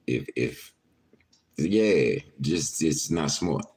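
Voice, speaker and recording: A man with a very deep, gravelly voice hosts a casual livestream from home. He swings his pitch widely as he jokes, curses and laughs with the chat in loose slang. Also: animated, measured pace, a little mellow. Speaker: podcast host talking to live chat. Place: indoors, at home.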